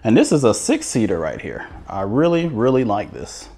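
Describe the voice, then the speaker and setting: Here the host's mid-range voice is gravelly, warm, and slightly rough, with wildly swooping pitch at a moderate pace. He chats enthusiastically as he carries a handheld camera through the rooms of a manufactured home show model, often repeating words.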